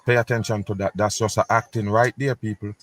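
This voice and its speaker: In casual commentary, a man hosts a video reacting to news clips, sounding emphatic, scornful and conspiratorial as he keeps telling viewers to pay attention. His voice is lowish and fairly bright, with a level tone, and he talks a little fast.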